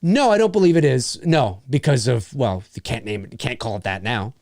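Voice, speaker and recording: A man's voice: medium pitch, animated, fairly quick, darkish tone, no room sound, studio quality. A middle-aged man from Canada co-hosting a podcast in casual chat, rambling and emphatic, blunt about not caring. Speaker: podcast co-host.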